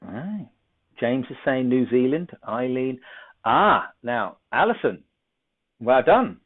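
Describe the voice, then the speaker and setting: Slow-paced yet very animated, this medium-pitched man runs a psychic show over a video call with card readings and a quiz. His manner is chatty and jokey as he thinks out loud, heard through a tinny, phone-like line.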